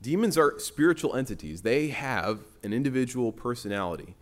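A man's voice: mid-range voice, expressive, brisk. Conversational man preaching a sermon. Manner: conversational, with frequent restarts and fillers. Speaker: pastor. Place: church.

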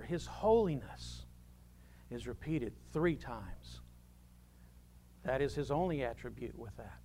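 A man preaching a sermon, swinging from loud proclamations to hushed asides. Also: on the high side. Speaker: pastor.

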